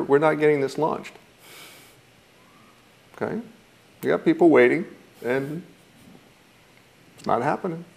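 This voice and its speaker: A man's voice: lowish voice, vocal fry, a little mellow. A man teaching a mindfulness course in a thoughtful, reflective way, now and then acting out how people react. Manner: thoughtful, acts out quoted reactions.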